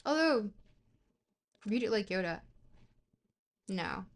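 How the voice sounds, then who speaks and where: A woman's voice: medium pitch, big pitch swings, takes it slowly. A young woman streaming herself reading a philosophy book aloud. She stumbles and corrects herself often and breaks off to chat with viewers. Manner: stumbling, self-correcting reader; chatty asides to chat between passages.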